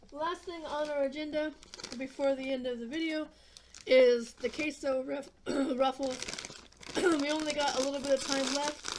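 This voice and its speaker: Rambling woman vlogger with a high voice. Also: background noise. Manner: rambling and offhand, with fillers and casual swearing. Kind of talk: casual eating vlog chat.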